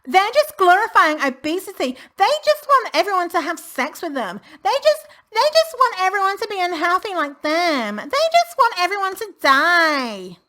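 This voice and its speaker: A woman putting on a high, sneering voice to parody a scornful online commenter. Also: big pitch swings, moderate pace, few pauses, bright, forceful tone, heavily acted.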